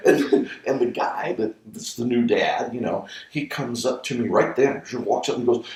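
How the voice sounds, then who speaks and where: A man telling a story in an interview, his pitch rising and falling a lot. He laughs often as he goes. The room is roomy and the mic sits some way off. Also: lively intonation, normal speed, recorded from a distance. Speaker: ventriloquist guest.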